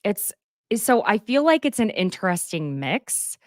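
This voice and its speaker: A woman hosting a casual chat, recapping a reality show in a chatty, gossipy way with quick asides. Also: mid-range voice, sing-song, no echo, clean studio sound. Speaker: podcast host.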